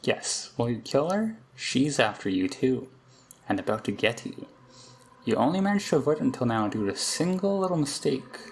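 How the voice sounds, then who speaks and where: A man reading aloud the lines of a frantic young girl who says her demonic double is hunting her, in a rushed, pleading way. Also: medium pitch, very animated, a little hiss or hum. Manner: pleading, rushed, half-hysterical. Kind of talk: reading game dialogue aloud.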